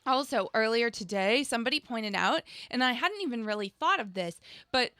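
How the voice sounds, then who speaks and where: Brief: female podcast co-host, casual and giggly, crisp bright tone, no room sound. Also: fairly high pitch, expressive, moderate pace, no room sound, clean studio sound. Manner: chatty, laughing often, many fillers. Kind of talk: casual political chat.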